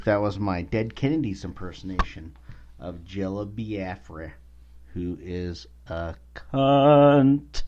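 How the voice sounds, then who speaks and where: A man's voice: low-pitched, darkish tone. A man hosting his own podcast in a rambling, profane casual monologue, full of filler words. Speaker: podcast host. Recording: dull lo-fi recording.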